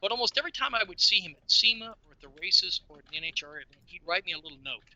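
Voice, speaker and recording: A man in his sixties, a podcast guest telling stories in an animated, casual way and repeating words as he goes. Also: sits high, racing, lo-fi sound. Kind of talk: casual storytelling.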